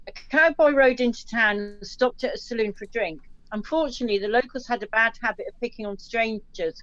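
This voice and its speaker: A woman hosts a casual online get-together, reading out listeners' jokes one after another and stumbling over a word now and then. Her voice sits a little high. The sound is dry and somewhat muffled, like a lo-fi call recording. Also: fairly bright tone, dry recording. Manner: chatty, reads jokes aloud with small slips and restarts. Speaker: host telling listener jokes.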